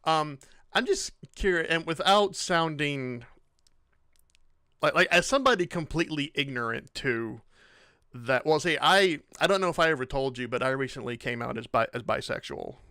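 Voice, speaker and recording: A man's voice: fairly high pitch, animated, normal speed, sharp tone, clean tone, no room sound, clean studio sound. A man hosting a casual interview, asking questions hesitantly with many ums and restarts. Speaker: interview host.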